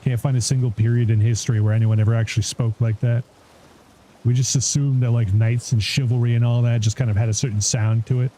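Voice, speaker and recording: A man's voice: mid-range voice, flat delivery, fast, dark tone, slight background noise. A man streaming a game live, chatting casually in a rambling way, swearing and laughing often. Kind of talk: casual live gameplay chat.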